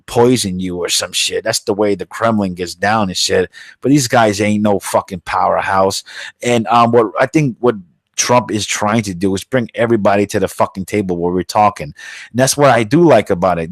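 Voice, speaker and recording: A man's voice: medium pitch, no echo. A man hosting his own podcast, ranting bluntly and swaggering with heavy swearing. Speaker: podcast host. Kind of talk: profane casual rant.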